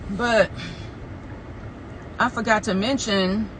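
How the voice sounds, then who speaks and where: A woman's voice: mid-range voice, fairly even intonation, takes it slowly, a bit bright, a little hiss or hum, rough recording. A woman chatting casually to her phone camera in a day-in-the-life vlog, rambling from one thought to the next. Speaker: vlogger and small business owner.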